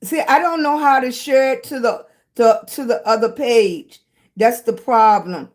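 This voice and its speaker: A middle-aged woman chats casually on a phone live stream. Her voice sits a little high and she talks slowly. She greets each viewer by name and calls them sweetie and baby. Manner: greets viewers warmly with pet names, chatty and playful. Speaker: livestream host.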